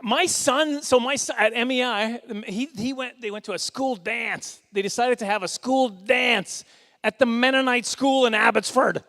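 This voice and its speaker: At a fundraising dinner, a middle-aged man delivers a stand-up set in an extremely high, sharp-toned voice. His routine meanders with self-deprecating humor, fast asides, and chuckles.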